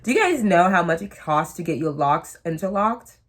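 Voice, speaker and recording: A young woman in her twenties talks straight to the camera, loose and chatty, poking fun at herself as she wanders off on side notes. Her voice sits a little low for a woman. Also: lively intonation, moderate pace. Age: 20s. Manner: chatty, self-mocking, trails off into asides. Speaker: vlogger. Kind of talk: casual chat to camera.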